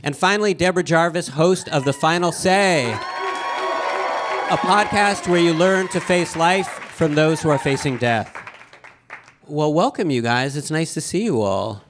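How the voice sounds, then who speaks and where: A man's voice: a little high, a little slow. A man hosting a live interview with podcast finalists, joking and chatty, stumbling into restarts. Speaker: host. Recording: lively crowd and noise behind.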